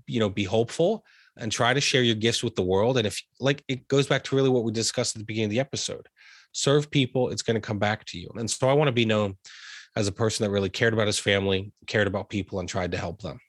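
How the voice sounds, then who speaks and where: The speaker is a young man from the USA, a realtor being interviewed, who talks with feeling and becomes emotional when family comes up. He talks fast in a lowish, slightly rough voice, and the recording is dry and studio-clean.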